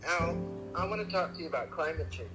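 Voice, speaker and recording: A male co-host with a fairly high voice fires back dry, deadpan one-liners and swears freely. loud music plays behind him. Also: fast. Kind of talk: casual comedic banter.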